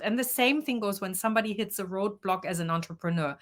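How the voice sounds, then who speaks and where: A woman coach speaking in an interview. She explains her ideas at length and gives practical advice in a measured, even voice. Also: medium pitch. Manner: explanatory, advising. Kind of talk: interview answers.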